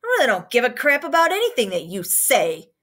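A woman's voice: on the high side, huge pitch swings, a little fast, heavily acted. A woman doing a defiant teen boy bully. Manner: rude, shouting, dismissive.

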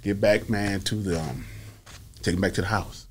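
A man's voice: lowish voice, fairly quick. A male comedian telling a story as a talk-show guest in a casual, profane way, acting out each voice in it. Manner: animated, acts out every voice in his story.

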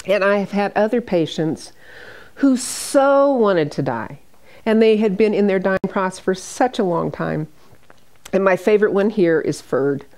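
A woman's voice: mid-range voice, animated, a little slow. Older woman telling nurse stories. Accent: American. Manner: warm anecdotal storytelling with quoted dialogue. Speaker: hospice nurse. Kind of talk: storytelling presentation.

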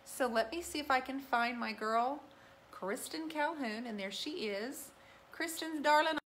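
Bright, high-voiced woman hosting a livestream. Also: a little slow. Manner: chatty, upbeat, addresses viewers directly. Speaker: host of a painting livestream. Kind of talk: casual livestream chat.

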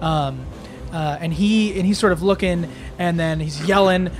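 Man game master, high-pitched, rambling narration, slight background noise. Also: moderate pace. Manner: rambling, many fillers.

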